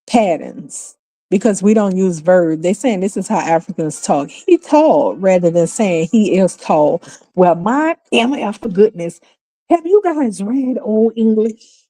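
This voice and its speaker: A woman's voice: medium pitch, mellow. A woman from New Orleans with a New Orleans accent, hosting a casual livestream and talking in an emphatic, exasperated way with frequent profanity. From New Orleans, USA. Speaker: livestream host. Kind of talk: casual opinionated livestream talk.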